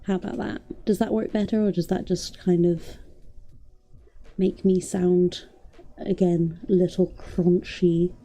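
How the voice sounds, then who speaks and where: A woman's voice: lowish voice, flat delivery, a little slow, mellow. A woman streaming while she draws, thinking aloud, humming and laughing at her own puns, in casual live-stream chat. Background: faint music.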